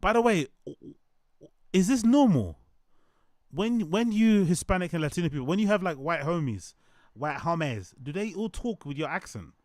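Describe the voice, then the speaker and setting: A man's voice: high-pitched, sing-song, normal speed, a little mellow. A man hosting a reaction stream, chatting casually and jokingly, swearing often and repeating himself. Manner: joking, profane, repeats phrases. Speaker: host reacting to videos.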